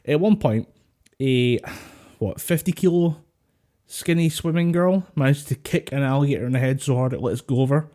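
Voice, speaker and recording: A man co-hosts a casual podcast over an online call, his voice mellow and relaxed. He rambles through stories, swears freely and breaks into laughter often. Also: medium pitch, normal speed. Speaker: podcast co-host. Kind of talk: casual chat. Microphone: home mic over online call.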